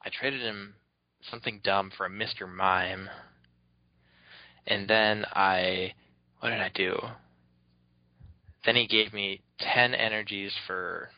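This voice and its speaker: A man's voice: sits low, little pitch movement, slow pace, long pauses, no room sound. A man co-hosting a podcast, telling a rambling story with lots of fillers and laughs. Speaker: podcast co-host. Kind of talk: casual chat, telling anecdotes. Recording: dull lo-fi dry recording.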